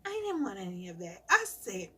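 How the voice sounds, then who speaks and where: A mother live-streaming, telling animated stories about her children in a casual rant and laughing often. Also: medium pitch, brisk, slightly rough.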